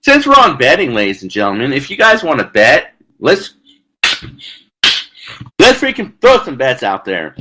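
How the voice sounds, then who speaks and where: A sports talk show host runs a live sports betting show, reading out viewer comments in a brash, loose, chatty way, frequently saying "freaking" and cracking crude jokes. His mid-range voice is bright and forceful with huge pitch swings, at normal speed with frequent pauses, and the audio is poor.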